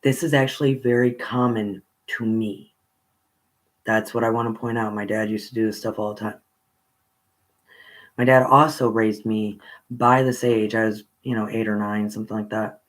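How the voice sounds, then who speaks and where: A man casually telling a personal childhood story, rambling with pauses and restarts. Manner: rambling, with pauses and restarts, rising pitch when excited.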